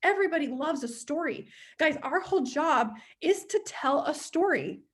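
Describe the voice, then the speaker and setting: High-voiced woman giving a chatty team pep talk. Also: lively intonation, normal speed. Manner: casual and chatty, acts out inner voices; open and emotional. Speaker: sales team leader. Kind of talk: motivational team meeting talk.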